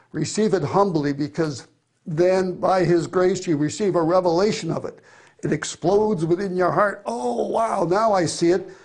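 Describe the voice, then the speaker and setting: Male preacher, middle-aged, earnest and emphatic, a touch higher-pitched. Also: darkish tone. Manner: earnest, emphatic scripture reading. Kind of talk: sermon.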